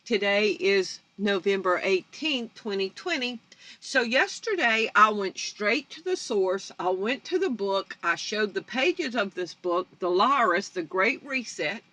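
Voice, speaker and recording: A woman's voice: medium pitch, animated, measured pace, pushed and bright, dry recording. A woman, hosting her own channel in a blunt, confrontational vlog rant. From North Baton Rouge, Louisiana. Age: 50s. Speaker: channel host. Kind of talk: fiery vlog rant to viewers.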